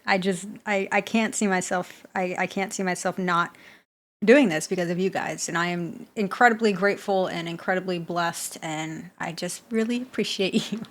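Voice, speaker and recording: A woman with a fairly low voice hosts a reaction video in a relaxed, conversational way. She talks with earnest sincerity and slips small laughs between her phrases. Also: normal speed. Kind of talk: casual reaction commentary.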